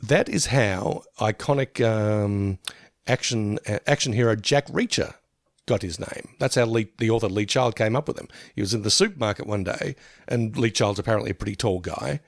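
A man's voice: lowish voice, moderate pace, no echo, studio quality. A man in his fifties co-hosting a podcast in casual chat, who laughs often, swears and acts out quotes. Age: 50s. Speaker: podcast co-host.

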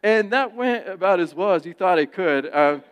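A man preaching a sermon who tells personal stories in an animated way and acts out the quoted voices. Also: high-pitched, moderate pace, clean tone, muffled recording. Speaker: pastor. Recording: long church reverb.

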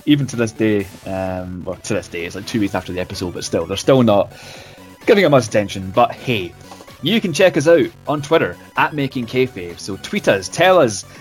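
A man's voice: lowish voice, expressive, fairly quick, faint music behind. A man hosting a casual podcast, laughing often and stumbling over repeated words. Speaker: podcast host.

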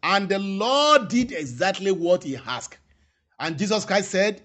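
A man preaching a sermon, repeating his phrases and stressing them slowly. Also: high voice, sing-song, a bit bright.

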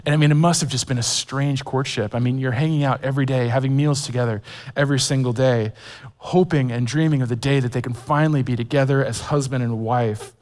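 A man's voice: medium pitch, fairly even intonation, fairly quick, darkish tone, long reverb tail. A man in his forties preaching a sermon, telling stories with self-deprecating humor, many fillers and restarts. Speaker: pastor. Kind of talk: sermon with personal storytelling.

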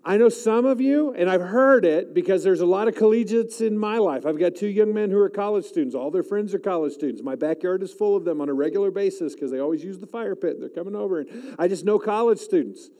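A man in his forties preaches a chapel sermon in a mellow, fairly high voice. He pushes up loud on emphatic lines and drops low and quiet to pray, calling out to the audience for responses. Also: quick pace, few pauses, big-room sound. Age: 40s. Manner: animated, rising loud for emphasis, dropping soft to pray; calls out to the audience. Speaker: chapel speaker.

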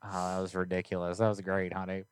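A man's voice: low voice, completely flat delivery, quick pace, clean tone, dry recording. A man hosting a prank call livestream, crude and laid-back, talking close into a studio mic. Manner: crude, laid-back, calls people honey. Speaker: prank call show host. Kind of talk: livestream banter.

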